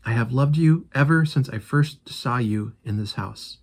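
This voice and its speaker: A man's voice: mid-range voice, measured pace. A man reading as Pip, earnest and pleading. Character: earnest heartbroken young man.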